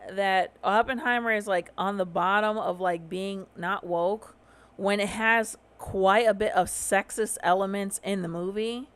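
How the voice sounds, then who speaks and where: A woman's voice: medium pitch, fairly even intonation, measured pace, a bit bright. A tired woman with a Southern US accent hosting opinionated casual commentary, swearing and firing off rhetorical questions. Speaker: host.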